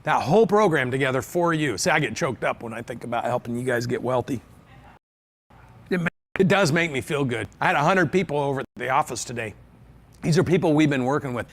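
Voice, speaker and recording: A man's voice: mid-range voice, animated, a little fast. A man from the United States giving a motivational business talk on stage, emphatic and fond of repeating phrases in threes. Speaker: business speaker.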